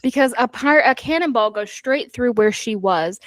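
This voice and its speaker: A woman co-hosting a book club podcast with a fairly high voice. She recaps the plot in a loose, animated way and acts out the characters' quotes as she goes. The sound is close and dry, with no room echo. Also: moderate pace. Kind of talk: casual chat.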